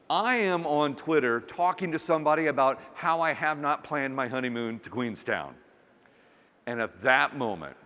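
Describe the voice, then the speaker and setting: A man delivers a keynote in a big conference hall, and his voice carries a long reverb. He tells a funny personal story with a lively, swinging pitch and acts out the quotes. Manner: animated, humorous storytelling with acted quotes. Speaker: conference speaker.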